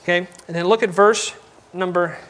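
A man's voice: high voice, steady tone, moderate pace, fairly bright tone. A man preaching a folksy, conversational sermon full of rhetorical questions.

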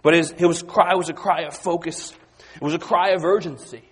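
Man, preacher, sermon, husky, fairly high voice, dynamic delivery. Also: steady tone, normal speed. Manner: dynamic, swings from quiet to loud and high when acting out the disciples.

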